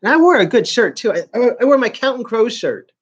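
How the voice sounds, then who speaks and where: A man's voice: extremely high pitch, very animated, brisk. A man in his forties with a New York accent, chatting casually to viewers on a live stream, rambling and stop-start. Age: 40s. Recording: dull lo-fi stream audio.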